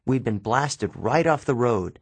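Husky male audiobook narrator. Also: medium pitch, expressive, unhurried, dry recording. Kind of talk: first-person fiction narration.

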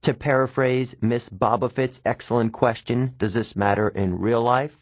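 A man voicing a demanding male Latin teacher in a storybook reading, speaking in a formal, measured, precise way. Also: medium pitch, steady tone, no echo, lightly acted. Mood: stern.

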